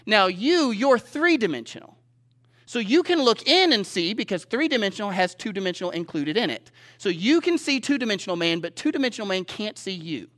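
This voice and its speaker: A man's voice: high voice, animated, brisk, a bit bright. A man preaching a sermon from a stage to a live audience, talking conversationally and often asking the listeners questions. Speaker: pastor.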